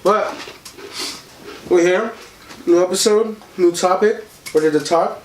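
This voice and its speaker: This is a young man with a high-pitched voice, speaking at a measured pace, captured from a distance in an echoey space with slight background noise. As host of a casual podcast, he animatedly tells a story, voicing the people in it and peppering it with likes and ums.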